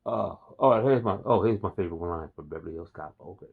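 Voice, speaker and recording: A man's voice: deep voice, animated, quick pace, creaky, few pauses, breathy edge. Chatty man vlogging. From Philadelphia. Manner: enthusiastic, chatty, repeats himself. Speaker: host. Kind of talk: casual vlog monologue. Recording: dull lo-fi recording.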